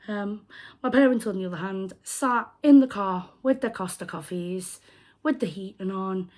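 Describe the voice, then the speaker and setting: Young UK woman, casual vlogger, lively storyteller who acts out the voices of people in her story. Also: mid-range voice, moderate pace. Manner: animated retelling, acts out quoted voices. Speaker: crochet vlogger.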